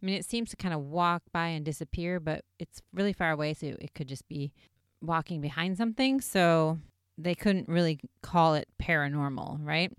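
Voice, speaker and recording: A woman casually recapping an episode in a chatty, excitable way, full of "like" fillers. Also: sits low, moderate pace, clear, resonant tone, no room sound, clean studio sound.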